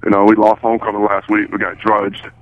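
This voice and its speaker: A man in his forties, a high school football coach, chatting on a radio show in a laid-back, teasing way. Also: completely flat delivery, quick pace, phone-quality sound. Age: 40s. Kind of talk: casual radio chat.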